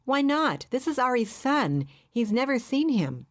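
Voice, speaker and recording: A woman's voice: mid-range voice, moderate pace, a little mellow, pitched above the performer's own voice, lightly acted. A woman voicing an anxious young mother who pleads in a raised, strained voice. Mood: pleading.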